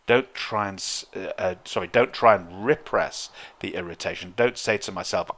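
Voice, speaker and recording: A man giving a calm, reflective Zen Dharma talk, with frequent fillers and restarts. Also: sits low, moderate pace, hardly any pauses. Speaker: Zen teacher.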